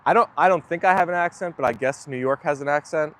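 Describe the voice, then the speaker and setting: Man, slightly high pitch, chatting to viewers from his phone while outdoors in the rain; rambling and self-deprecating. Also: fast talker, a bit bright. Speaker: dog owner livestreaming to viewers. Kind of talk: casual live chat. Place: outdoors on a rainy, muddy walk.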